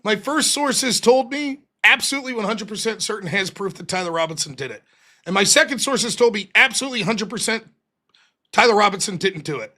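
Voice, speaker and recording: A man hosting a live stream, chatting casually and mimicking other people with animated retellings; he says he is losing his voice. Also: sits high, fairly quick. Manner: animated, mocking imitations of others. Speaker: host.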